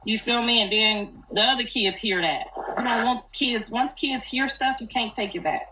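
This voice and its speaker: A woman's voice: a little high, normal speed. An older woman, a grandmother, talking casually and earnestly on a live stream, repeating herself in colloquial speech. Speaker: grandmother speaking on a live video. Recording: echoey, distant, noisy.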